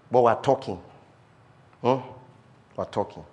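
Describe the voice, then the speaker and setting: In a medium-pitched voice, a man delivers a sermon, slowly reading from scripture and repeating important phrases. His quiet asides give way abruptly to shouted declarations.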